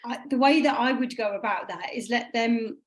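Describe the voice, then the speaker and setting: A woman's voice: a little high, moderate pace, rough recording. A woman from England, a phonics trainer, explaining to volunteers in a conversational, reassuring way over a video call. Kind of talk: online training session talk.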